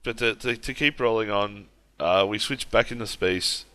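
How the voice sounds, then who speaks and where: A man co-hosting a podcast recaps a film scene by scene in casual conversation, going at length with frequent restarts and laughs. His voice is lowish, sharp, and smooth at normal speed, with no room sound.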